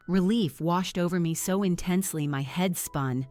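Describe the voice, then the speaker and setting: Low-voiced woman narrating a dramatic story. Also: normal speed, hardly any pauses, a little mellow, soft background music. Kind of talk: first-person scripted story narration.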